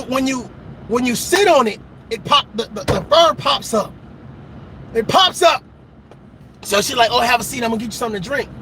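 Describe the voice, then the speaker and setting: A very high-pitched man with a bright, sharp voice tells stories in a casual monologue. His voice swings up and down as he talks, and he swears and laughs along the way. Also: slight background noise, rough recording. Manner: animated, profane, laughs at his own stories. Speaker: commentator giving dating advice.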